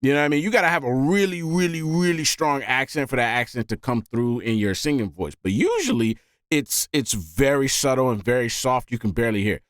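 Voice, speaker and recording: A man hosting a music reaction video, talking casually and excitedly and often saying "man". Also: medium pitch, brisk, no echo, studio quality. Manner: animated, often says "man".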